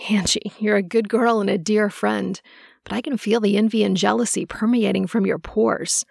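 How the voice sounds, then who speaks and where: A woman's voice: mid-range voice, fairly even intonation, normal speed, creaky, a little mellow, husky, dry recording, clean studio sound. A woman doing Megan, a wise old seer. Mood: soothing. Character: wise, motherly centuries-old female seer.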